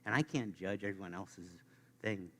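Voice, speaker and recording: A man preaching a sermon to his congregation, playful and animated, speaking straight to the listeners. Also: low-pitched, moderate pace. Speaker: pastor. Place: church sanctuary.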